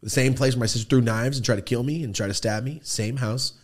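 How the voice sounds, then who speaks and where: A man's voice: medium pitch, steady tone, fast. A man in his thirties hosting a podcast, telling a casual, profane story and acting out the quoted voices. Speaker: podcast host. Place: podcast studio.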